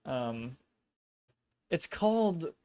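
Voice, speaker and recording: A man's voice: fairly high pitch, very animated, extremely slow, mellow, clear, resonant tone. A man streaming from home, chatting casually in a rambling, profane way. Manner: rambling, swears a lot, mock-dramatic reading. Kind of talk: casual chat.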